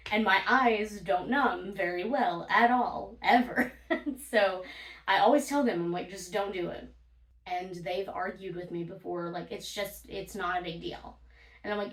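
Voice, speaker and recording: A woman vlogger tells casual stories in a blunt, profane storytime monologue, laughing often as she goes. Her voice is medium in pitch and a bit bright, and the recording sounds roomy and distant.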